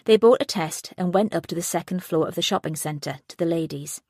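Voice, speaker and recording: A woman narrating a thriller audiobook in a steady, even reading voice. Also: fairly low pitch, a little fast, no echo, clean studio sound. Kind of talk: scripted narration.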